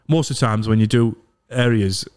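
A man's voice: on the low side, moderate pace, a little mellow, clear, resonant tone. A man, hosting a casual podcast and telling stories, swearing often and putting on voices for the people in his anecdotes. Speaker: podcast host and comedian. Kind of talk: casual chat.

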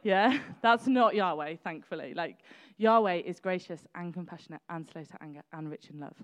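A woman's voice: fairly low pitch, a little fast. Chatty woman preaching with laughing asides. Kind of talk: sermon.

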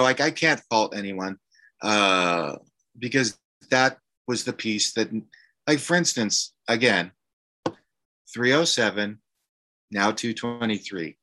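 A man, an actor, telling a candid personal story in conversation, halting and emotional with many fillers and restarts. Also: on the low side, pushed and bright. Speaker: actor guest.

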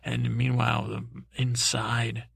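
Gravelly rambling man, playing a dim boy prince. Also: medium pitch, flat delivery, fairly bright tone, dry recording, clean studio sound. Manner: halting, full of restarts and mixed-up names. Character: dim, timid boy prince telling a tale. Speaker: comedic storyteller. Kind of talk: rambling improvised comic storytelling in character as a boy prince.

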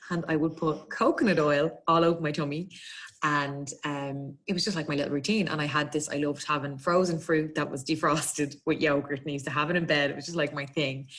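A woman with an Irish accent, telling a personal story in a quick, chatty way, laughing often and acting out bits of dialogue. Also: low-pitched, a bit bright. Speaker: guest telling her birth story. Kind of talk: casual storytelling.

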